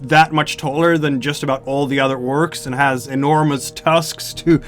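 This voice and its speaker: A man narrating a tabletop game as the game master, unhurried and using frequent fillers. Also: a little high, steady tone, soft background music.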